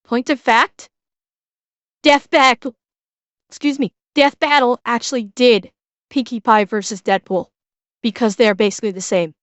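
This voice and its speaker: A woman's voice: on the high side, fairly even intonation, a little slow, pauses often, no room sound. Profane, blunt woman streamer. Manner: blunt, profane, talks over the video. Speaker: streamer reacting to a video. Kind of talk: casual commentary over a video.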